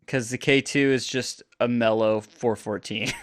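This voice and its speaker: A man's voice: mid-range voice, steady tone, a little slow. A man co-hosting a casual audio podcast, giving loose opinions full of fillers like "like" and "um". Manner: loose, filler-heavy talk with lots of "like". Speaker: podcast co-host. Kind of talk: casual podcast chat on microphones.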